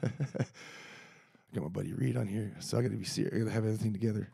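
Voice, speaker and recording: Gravelly profane man ranting. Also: lowish voice, fairly even intonation, rapid-fire, dark tone, dry recording, studio quality. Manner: profane, rambling, heated. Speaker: podcast host. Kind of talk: casual solo rant.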